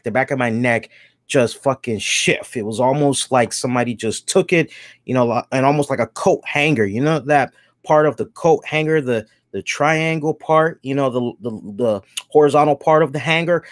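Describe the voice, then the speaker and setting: A man's voice: medium pitch, no echo, clean studio sound. A man co-hosting a podcast, telling a long personal story in a rambling, casual way, correcting himself and swearing now and then. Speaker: podcast co-host.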